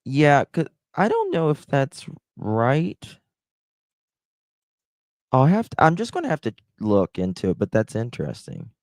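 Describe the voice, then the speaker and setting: A man hosting a casual live stream, rambling and hesitant, warmly thanking chat. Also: mid-range voice, huge pitch swings, a little slow, no echo. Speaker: livestream host.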